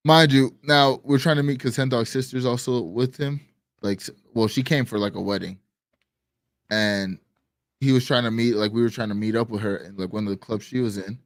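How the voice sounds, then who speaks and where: A man co-hosting a live stream show, telling a story in casual chat, animated and swearing, acting out quotes loudly. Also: medium pitch, moderate pace, no room sound, studio quality. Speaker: podcast co-host.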